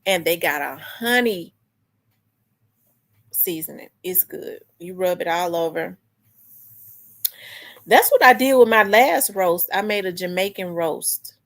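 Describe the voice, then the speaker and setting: A woman's voice: on the low side, expressive, takes it slowly, pauses often. A woman hosting a casual livestream, chatting with viewers in a loose, rambling way. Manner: chatty, restarts and talks back to chat comments. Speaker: livestream host. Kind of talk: casual chat with live viewers.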